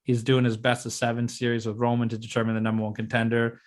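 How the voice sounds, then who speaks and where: A man's voice: mid-range voice, fast talker. Casual man laying out wrestling plans. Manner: excited, teasing, lays out plans step by step. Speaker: podcast co-host booking a fantasy wrestling show. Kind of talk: casual chat.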